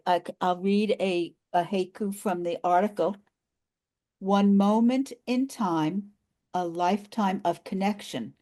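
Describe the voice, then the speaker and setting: An older woman facilitating a group video call, gently explaining and repeating instructions. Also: mid-range voice, no echo.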